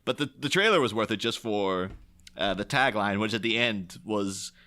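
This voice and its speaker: Bright-voiced man chatting about movies. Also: fairly low pitch, moderate pace. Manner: rambling, chuckling often, animated. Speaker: podcast host. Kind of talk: casual movie-discussion chat.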